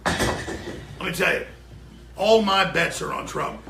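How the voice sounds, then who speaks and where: A man, a show host, ranting furiously and profanely off air in a broadcast studio before going live, often shouting. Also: fairly high pitch, takes it slowly, gravelly, echoey room, over music. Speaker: radio and web show host.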